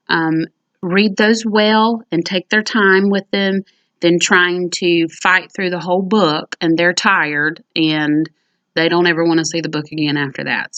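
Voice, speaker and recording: A woman teacher speaking to parents in a calm, patient, reassuring way, showing how to help children read. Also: fairly low pitch. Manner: acts out reading aloud with rising expression. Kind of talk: instructional talk to parents.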